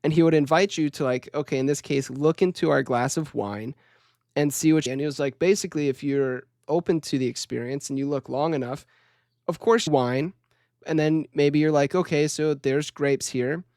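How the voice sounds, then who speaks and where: A man in a podcast conversation who speaks in a relaxed, reflective way and laughs easily. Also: on the high side, moderate pace, no echo, studio quality.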